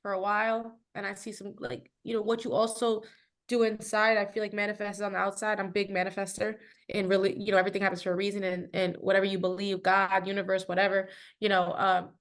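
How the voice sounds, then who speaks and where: A woman's voice: medium pitch, a bit bright. A woman guest on a podcast, talking in an earnest, reflective way and often searching for her words. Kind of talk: casual conversation.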